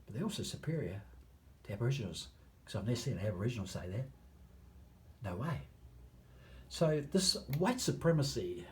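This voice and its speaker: A man with a New Zealand accent making an impassioned appeal to viewers, stretching out key phrases and swinging between loud stresses and hushed asides. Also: mid-range voice. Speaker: campaigner addressing viewers.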